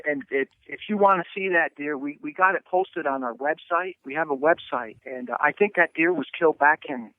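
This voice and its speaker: A man talks over a thin, phone-like line. His voice sits a little high. He tells his story with animation, tripping over words and checking in with "right?". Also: fairly quick, few pauses, no echo. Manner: animated storyteller, frequent "right?" and stammered restarts. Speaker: hunting guest. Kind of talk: storytelling interview.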